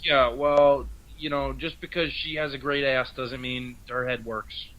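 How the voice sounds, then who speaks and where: Man, middle-aged, podcast guest, blunt, scornful, bright voice. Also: medium pitch, fairly even intonation, a little slow, poor audio. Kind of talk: casual podcast banter.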